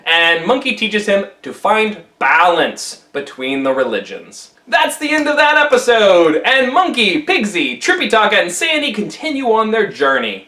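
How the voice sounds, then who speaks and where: A man retelling an old story in a casual, playful, animated way. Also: high-pitched, normal speed, few pauses, echoey room.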